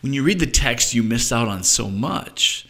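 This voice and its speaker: A man's voice: mid-range voice, lively intonation, moderate pace, creaky, bright, forceful tone. A man teaching a reflective Bible study, thinking aloud and often restarting his sentences. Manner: thoughtful, musing aloud with frequent restarts.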